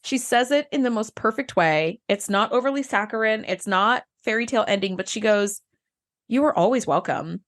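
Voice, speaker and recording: A woman co-hosting a podcast in casual chat, retelling scenes warmly and acting out the lines. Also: on the high side, lively intonation, moderate pace. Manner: enthusiastic, heartfelt, retells scenes with acted lines. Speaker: podcast co-host.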